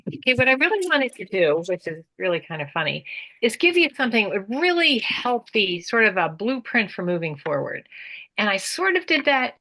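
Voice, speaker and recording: A woman's voice: medium pitch, sing-song, normal speed, pushed and bright, poor audio. A woman facilitating a group discussion over a video call, speaking thoughtfully and guiding the others.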